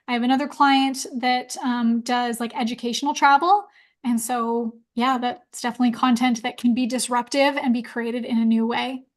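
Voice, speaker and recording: High-pitched woman running a live webinar q&a, chatty and upbeat. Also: steady tone, normal speed. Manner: chatty, upbeat, quotes clients in voices. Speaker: webinar host.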